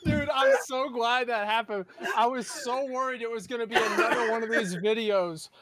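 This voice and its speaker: High-voiced streamer, casual. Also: male voice, normal speed, crowd noise. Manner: relaxed, swearing.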